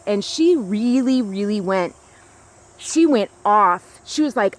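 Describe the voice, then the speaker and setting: Woman rambling to her camera outside on a grassy hill, kinda high voice, lots of likes and restarts. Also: animated, normal speed. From United States. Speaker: vlogger. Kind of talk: casual rambling monologue to camera. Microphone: small camera.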